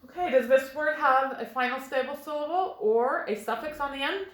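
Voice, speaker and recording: A woman's voice: high voice, fairly bright tone. Patient teacher woman, echoey room. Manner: slow, clear, patient explaining. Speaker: first grade teacher. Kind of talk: phonics lesson at a whiteboard. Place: classroom with a whiteboard.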